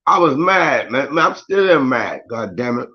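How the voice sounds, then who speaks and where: A man chatting loosely on a morning live stream, full of slang and cussing as he calls out viewers by name. His voice sits at an ordinary middle pitch. The audio is dull and lo-fi. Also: very animated, normal speed. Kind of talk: casual morning live chat.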